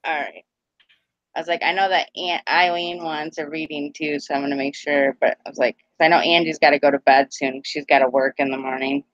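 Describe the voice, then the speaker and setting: A woman's voice: low voice, steady tone, brisk, no echo, muffled recording. A woman hosting a casual chat while giving card readings, rambling and laughing often. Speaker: host.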